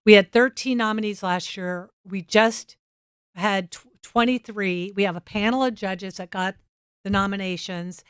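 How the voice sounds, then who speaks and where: Woman interview guest, conversational and chatty; clear, resonant voice, close dry recording. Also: medium pitch, fairly even intonation, a little slow, no room sound. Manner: chatty, acts out little dialogues. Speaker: guest, nonprofit director. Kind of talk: casual interview chat.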